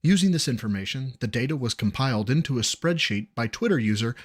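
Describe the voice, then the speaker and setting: A man narrating a video essay in a measured, formal, mock-academic scripted delivery. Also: medium pitch, expressive.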